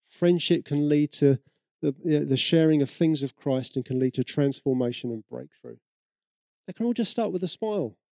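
A British man preaching a sermon in a chatty storytelling way, slipping into the voices of people he has met. His voice sits slightly high for a man yet sounds mellow and warm. The recording is close and dry. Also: no room sound. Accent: British English. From Britain. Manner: conversational storytelling, acts out quoted voices. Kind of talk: sermon with personal stories.

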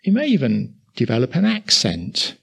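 An older man with an Essex accent preaches a sermon conversationally, full of asides to the congregation and quick chuckles. His mid-range voice is gravelly, a bit bright and breathy, with wildly swooping pitch.

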